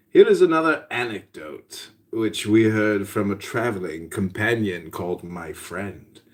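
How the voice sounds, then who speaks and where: A man hosting a podcast, bantering crudely and reading an old story aloud. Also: on the low side. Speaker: podcast host.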